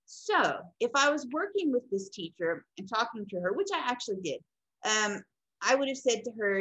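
A woman's voice: on the high side, moderate pace, husky, low-quality recording. A woman lecturing on counseling in an informal teaching style, acting out quoted people as she goes. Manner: animated, acts out quoted people. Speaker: counseling instructor.

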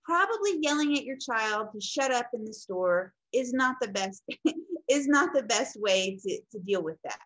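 Lady teaching a counseling class, kinda high voice, really expressive, acts out little scenes. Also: normal speed, low-quality recording. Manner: animated, acts out quoted people. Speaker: counseling instructor. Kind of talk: informal teaching lecture.

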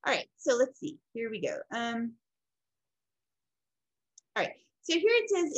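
Chatty woman lecturing, somewhat high voice. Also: big pitch swings, unhurried, long pauses, highs cut off. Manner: conversational, rambling with fillers and self-corrections. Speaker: instructor. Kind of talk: casual recorded lecture.

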